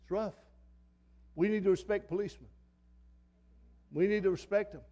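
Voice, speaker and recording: A man's voice: sits high, steady tone, moderate pace, warm tone, dull audio. An older man preaching a sermon in a church, in a fiery, folksy manner that repeats phrases for emphasis. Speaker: pastor. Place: church sanctuary.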